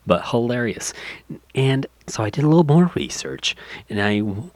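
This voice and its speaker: A man's voice: lowish voice, expressive, normal speed, no echo. A man hosting a gaming podcast, giving rambling casual commentary with lots of fillers. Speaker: podcast host.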